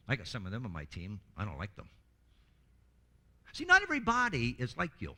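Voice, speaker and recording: Guy giving a workshop talk, super bright tense voice, jumps all over in pitch, funny, does little voices for people he quotes. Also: brisk, long pauses. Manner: lively, acts out quoted voices, often restarts words. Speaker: workshop presenter. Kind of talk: animated teaching talk with humor.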